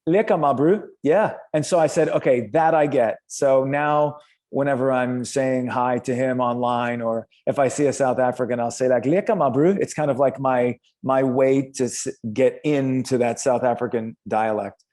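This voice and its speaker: A man's voice: mid-range voice, little pitch movement, normal speed, a little mellow. A man, an actor, chatting as a guest in an interview and telling anecdotes with lots of fillers and restarts. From United States. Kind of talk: casual interview chat.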